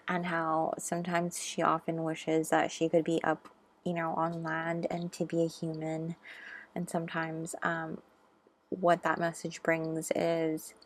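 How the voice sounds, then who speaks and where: Low-voiced lady doing a pick a card tarot reading, soft and musing, lots of ums. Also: creaky. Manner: gentle, musing, with frequent ums and soft asides.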